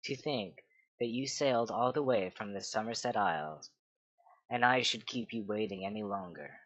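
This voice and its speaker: A man's voice: fairly low pitch, moderate pace, fairly bright tone, no room sound. A man voicing a proud, scheming queen mother who speaks in a haughty, cutting way, in a dull, dry recording. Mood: imperious.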